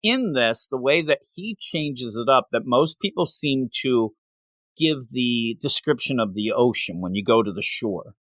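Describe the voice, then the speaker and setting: A man's voice: mid-range voice, measured pace, dry recording. A man hosting a podcast, recapping a manga chapter in casual chat and acting out the characters. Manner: animated storytelling, acts out characters in silly voices. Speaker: podcast host.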